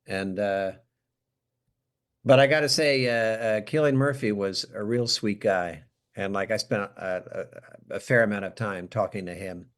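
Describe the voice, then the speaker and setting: Here a podcast guest with an American accent talks at an ordinary pace in a voice on the low side. The chat is casual, and he lively acts out quotes while telling stories that make fun of himself.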